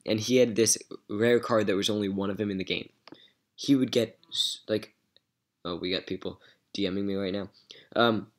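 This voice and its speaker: A man recapping a chat with a scammer for his gaming channel, chatty and amused, with lots of "um"s. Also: lowish voice. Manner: chatty, retells messages with "so I go", many "um"s. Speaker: gaming YouTuber. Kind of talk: casual recap vlog.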